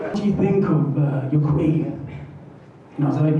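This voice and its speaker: A man's voice: fairly high pitch, normal speed. A man doing stand-up with mock-earnest, play-dumb answers. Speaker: stand-up comedian. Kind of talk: stand-up comedy. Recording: echoey muffled club from far off, noise.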